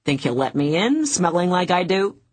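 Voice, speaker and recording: A woman voicing an easygoing older brother who teases his sister gently in an audiobook. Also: fairly low pitch, normal speed, no echo. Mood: teasing. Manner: teasing, relaxed.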